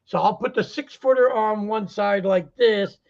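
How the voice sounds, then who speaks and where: A man with a Boston accent chatting casually on a talk show, telling stories and jokes in an animated way. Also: high-pitched, measured pace, muffled recording. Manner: joking, animated storyteller. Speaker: guest vendor. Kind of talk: casual chat. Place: lives in Florida.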